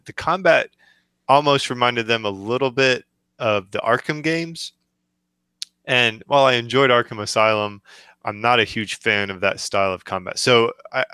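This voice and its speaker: A man co-hosting a gaming podcast, giving measured, hesitant opinions in casual chat. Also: medium pitch, sharp tone, smooth, no echo. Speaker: podcast co-host.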